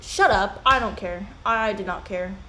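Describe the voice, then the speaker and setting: A woman's voice: medium pitch, measured pace. Rambling young woman, echoey room. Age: young adult. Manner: rambling, animated, drifts off topic. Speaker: commentary YouTuber. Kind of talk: casual commentary chat. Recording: echoey room with faint hiss.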